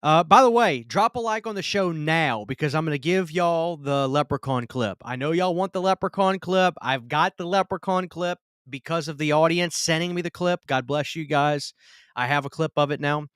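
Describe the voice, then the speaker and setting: A man's voice: a little high, moderate pace, a bit bright, clear, resonant tone, no echo, studio quality. A man, hosting a casual live stream. He greets viewers by name and often restarts his sentences.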